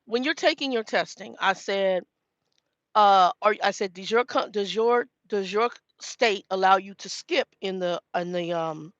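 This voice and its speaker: A woman's voice: medium pitch, measured pace, fairly bright tone, dry recording, highs cut off. A woman, a truck driving trainer chatting casually to viewers and telling a story by quoting herself. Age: 50s.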